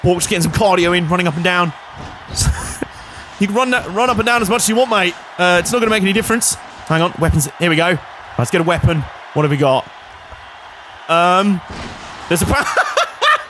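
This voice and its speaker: A man gives let's play commentary on a wrestling game with a rather high voice. He is jokey and sarcastic, chuckling at his own gags. A faint ambient hiss sits under the recording. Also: brisk, sharp tone.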